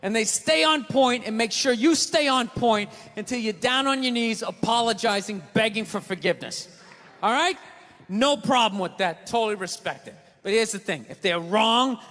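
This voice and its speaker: A man doing a stand-up comedy routine on a theater stage, with a loud, profane, ranting delivery. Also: very high voice, slight background noise. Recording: live theater recording with long reverb and crowd laughter. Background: audience laughing and cheering.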